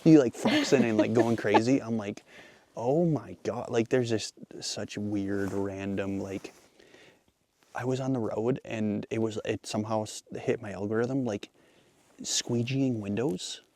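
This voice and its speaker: A man's voice: fairly low pitch, unhurried, warm tone, a little hiss or hum. A man co-hosting a casual podcast from a boat on a marsh, telling rambling stories in a laid-back way. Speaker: podcast co-host. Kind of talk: casual chat.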